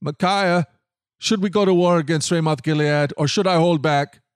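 A man's voice: a little high, normal speed, clean tone, no room sound, studio quality, voice pushed up, lightly acted. A man voicing a resentful, commanding king in a scripted Bible reading, curt and demanding. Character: middle-aged male king, resentful and commanding.

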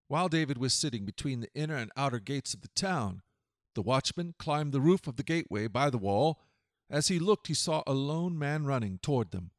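A man reading scripture aloud in measured, earnest scripted narration. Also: medium pitch, no room sound, clean studio sound. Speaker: scripture reader.

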